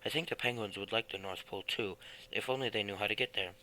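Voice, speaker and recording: A man's voice: lowish voice, fast, pushed and bright, slight background noise, poor audio. Man reading as an eager dreamy house painter.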